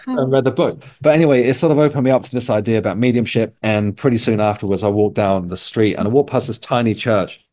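A man's voice: lowish voice, quick pace, few pauses, darkish tone. A man from England, a podcast guest, telling a personal story in a loose, rambling way with frequent restarts. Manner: rambling, self-correcting storyteller. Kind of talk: casual conversation.

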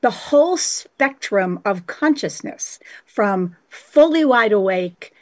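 A woman's voice: mid-range voice, lively intonation, takes it slowly. A woman explaining dreams in a flowing, spiritual way, using terms like hypnagogic and sacred space. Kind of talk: reflective explanation.

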